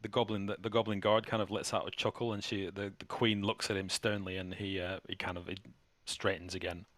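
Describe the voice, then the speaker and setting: A man narrating as game master of a tabletop game, halting and restarting as he describes the scene. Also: level tone, fairly bright tone, no echo. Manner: halting, with many restarts, voices characters in a higher pitch.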